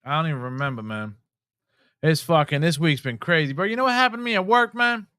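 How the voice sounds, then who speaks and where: A man's voice: on the high side, fast talker, clear, resonant tone, no room sound, studio quality. A man hosting a podcast, telling stories in casual chat with lots of swearing and acting out the people he quotes. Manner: animated storytelling, heavy swearing, acts out quoted people. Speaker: podcast host.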